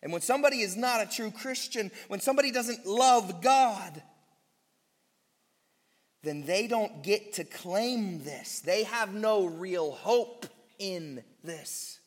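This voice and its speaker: A man's voice: high voice, expressive, takes it slowly. A man preaching a sermon as pastor, teaching emphatically and drawing out key phrases of scripture. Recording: long hall reverb.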